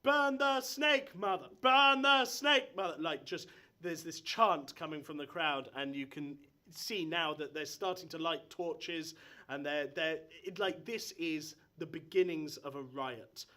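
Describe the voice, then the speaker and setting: A man's voice: a little high, steady tone, a little slow, fairly bright tone. A man narrating as game master of a live tabletop game, hesitant, with many ums and uhs. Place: stage in front of a live audience.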